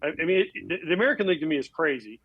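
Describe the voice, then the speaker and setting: A man's voice: on the high side, sing-song, breathy edge, dry recording, lo-fi sound. A man in his forties, a former baseball catcher, chatting as a guest and telling stories about himself. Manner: fast, chatty, self-deprecating storyteller. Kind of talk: casual chat.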